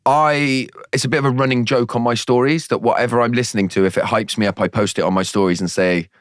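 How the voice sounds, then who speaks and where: A man's voice: medium pitch, steady tone, fast, clear, resonant tone, dry recording, clean studio sound. A man co-hosting a casual podcast chat, telling dad jokes and laughing often. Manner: jokey, laughs often, playful storytelling. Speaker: podcast co-host.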